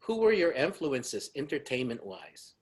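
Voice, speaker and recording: A male podcast host asks questions in a loose, conversational way. His pitch sits mid-range but moves a lot, and he laughs often and restarts his sentences. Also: very animated, unhurried, husky. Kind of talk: casual interview chat.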